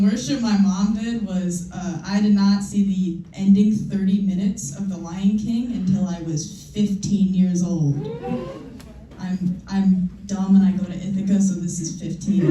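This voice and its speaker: A young woman performing a stand-up comedy set, telling self-mocking stories in a loose, conversational way. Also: medium pitch. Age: young adult. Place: live comedy show in a room. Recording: echoey room, mic far off, noisy.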